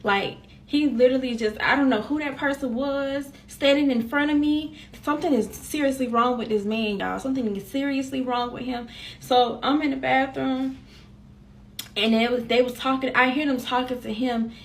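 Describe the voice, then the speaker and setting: A woman's voice: sits high, normal speed, slight background noise. A young woman telling a personal story to her viewers in a candid, slangy, casual way.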